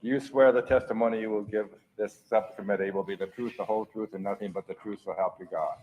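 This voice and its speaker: An actor playing a formal, deliberate male committee chairman swearing in a witness in a film. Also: on the low side, steady tone, lo-fi sound, a little hiss or hum, close to an everyday voice.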